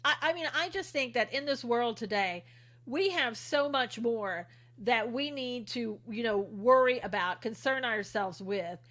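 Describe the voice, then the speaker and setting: Speaking a little slowly, a middle-aged woman with a fairly high, somewhat bright voice hosts a casual livestream. She reads viewer comments out loud and answers them sarcastically, chatting freely and laughing often.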